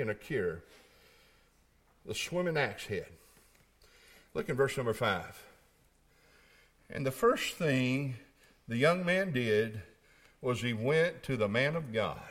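A middle-aged male pastor with a mid-range voice preaches in a church in a folksy style, shifting between quiet storytelling and shouted climaxes.

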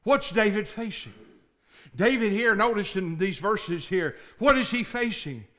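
A male pastor preaching a sermon, dropping to low murmurs and rising to shouted, pleading prayers. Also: lively intonation, unhurried.

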